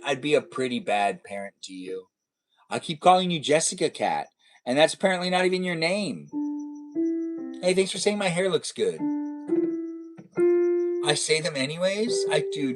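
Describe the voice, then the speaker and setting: A man's voice: a little high, big pitch swings, normal speed, long pauses, over loud music. A man hosting a casual live stream, reading viewer comments in a playful, silly, teasing way.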